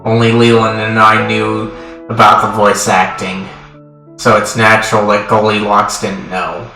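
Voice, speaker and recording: A man's voice: lowish voice, little pitch movement, a little slow, bright, forceful tone. A man streaming a game, reading the dialogue and narration aloud in a plain voice and chuckling often. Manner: reads lines in a plain voice with frequent chuckles. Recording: roomy sound with game music behind.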